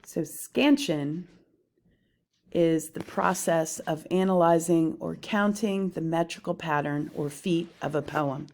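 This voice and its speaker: A woman with a low voice teaches poetry terms from her slides. She speaks slowly and deliberately, pausing as she explains each term. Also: steady tone, darkish tone.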